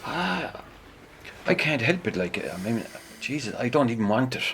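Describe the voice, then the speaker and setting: A man's voice: medium pitch, very animated, normal speed, a bit bright. An actor playing a rambling, superstitious pub storyteller with an Irish accent, stammering as he spins his tales on a theatre stage. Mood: uneasy. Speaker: pub regular telling a story. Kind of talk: filmed stage play acting. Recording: long stage reverb.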